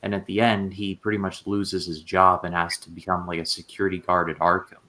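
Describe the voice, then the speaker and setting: A man in a casual chat adding measured comments. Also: sits low, level tone, bright, forceful tone.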